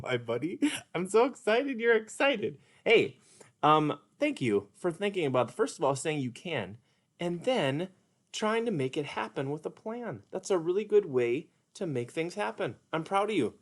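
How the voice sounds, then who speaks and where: A man running a puppet lesson for kids, speaking in a gentle, patient and encouraging way. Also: a little high, lively intonation, moderate pace. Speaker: puppeteer and teacher.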